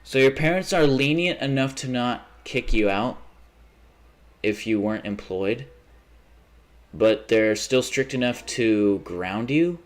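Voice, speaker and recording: A young man livestreaming while gaming, chatting in a rambling way, swearing often and getting heated quickly. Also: medium pitch.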